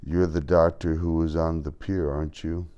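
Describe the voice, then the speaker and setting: A man's voice: very deep voice, flat delivery, moderate pace, warm tone, dull audio. A man voicing a frightened, tearful young male migrant who asks desperate, pleading questions.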